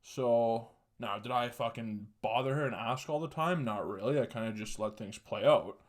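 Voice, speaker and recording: A man's voice: mid-range voice, moderate pace. Joking, swearing young man telling stories. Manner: profane, joking, laughs mid-sentence. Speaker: podcast host. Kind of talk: casual solo podcast storytelling.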